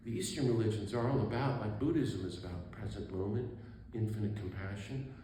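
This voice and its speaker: His voice is lowish and dark, moving a little fast. The speaker is a Catholic priest and author in his sixties, telling an audience a story while acting out its characters and laughing often. The hall is very echoey, with faint room noise.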